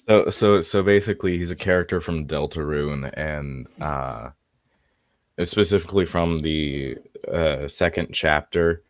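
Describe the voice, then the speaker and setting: A man's voice: a bass voice, a little slow, no room sound. A man chatting casually on a gaming stream, laughing often, swearing and tripping over his words. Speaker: player on a tabletop game stream. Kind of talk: casual chat.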